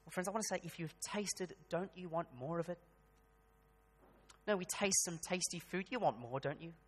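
A man's voice: high voice, moderate pace, slightly rough, long reverb tail. A man preaching a sermon, talking conversationally and building to emphatic bursts. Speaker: pastor. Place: church hall.

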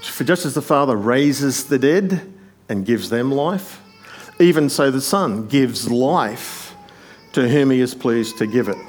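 Guy preaching, walks through his points one by one, mid-pitch voice, goes quiet for little asides. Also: lively intonation, takes it slowly, faint music behind. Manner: explanatory, numbered points, often drops to a quiet aside. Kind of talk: sermon.

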